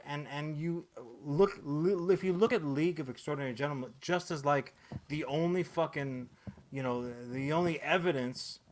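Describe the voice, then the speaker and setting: Profane, rambling man ranting on a podcast. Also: a little high. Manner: profane, rambling, sarcastic rant with many fillers. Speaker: podcast host. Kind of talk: casual comic-book podcast chat.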